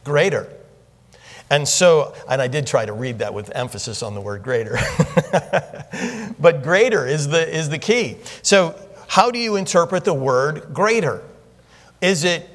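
A man preaching a sermon in a conversational teaching manner, asking the congregation questions and rising in pitch when he gets excited. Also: normal speed. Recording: long reverb of a large hall.

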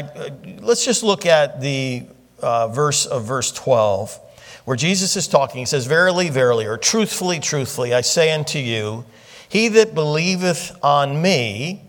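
A man preaching a sermon in a conversational teaching manner, asking the congregation questions and rising in pitch when he gets excited. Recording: long reverb of a large hall.

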